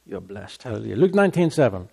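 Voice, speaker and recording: A man preaching a sermon, repeating scripture references and mocking complainers in an animated way. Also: lowish voice, fast talker, gravelly, slightly rough. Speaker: pastor.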